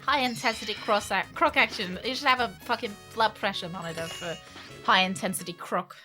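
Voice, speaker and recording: A woman's voice: medium pitch, a little fast, sharp tone. A woman chatting casually on a live stream while playing a game, answering viewers' comments as she goes. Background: game music.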